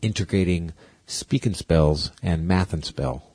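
A man's voice: deep voice, unhurried, a little mellow, husky, no echo. A man co-hosting a podcast, rambling and joking in casual chat, often trailing off mid-sentence. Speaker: podcast co-host.

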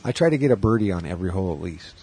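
Husky, animated man swearing casually. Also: low voice, racing. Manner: crude, joking, profane. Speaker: podcast co-host and stand-up comic. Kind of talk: casual chat.

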